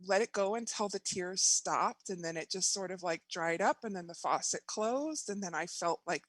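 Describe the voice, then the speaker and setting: A woman guest telling a personal story in casual conversation, animated and laughing often as she acts out her own thoughts. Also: medium pitch, no echo.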